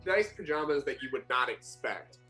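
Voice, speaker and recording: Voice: medium pitch, expressive, normal speed, music in the background, rough recording. A player in a tabletop game, talking loosely and joking. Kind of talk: casual tabletop play.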